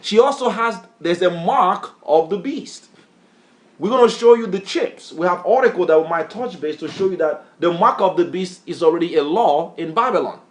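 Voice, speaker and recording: A man's voice: high-pitched, expressive, moderate pace. A man preaching and teaching scripture, emphatic, quizzing his reader with repeated questions in a call-and-response style. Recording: echoey room.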